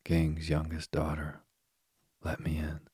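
A man voicing a cold, insistent male frog in a storybook reading, his own deep gravelly voice barely changed. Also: monotone, slow, darkish tone, dry recording, studio quality, heavily acted. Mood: pleading. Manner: insistent, demanding.

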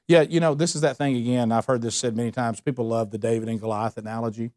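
A man's voice: normal speed, no echo, studio quality. Fervent man teaching scripture. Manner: fervent, conversational preaching with sudden pitch jumps. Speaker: Bible study teacher. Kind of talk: sermon-style Bible teaching.

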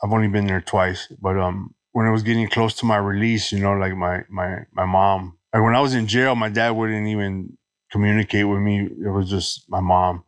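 A middle-aged man from Los Angeles, guest on a podcast, telling his recovery story in halting speech full of restarts. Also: on the low side, fairly even intonation, smooth, no room sound. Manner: halting, many restarts and "you know"s.

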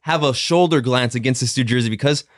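A man co-hosting a casual sports podcast, telling stories with animated impressions of others. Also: mid-range voice, fast, no echo, clean studio sound. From Southern California. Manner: animated storyteller, mimics others. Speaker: podcast co-host.

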